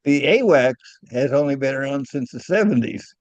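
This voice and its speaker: A man's voice: mid-range voice, lively intonation, normal speed, dry recording, muffled recording. An older man, a retired aircraft engineer, talking casually in an interview, often repeating words and chuckling at his own stories.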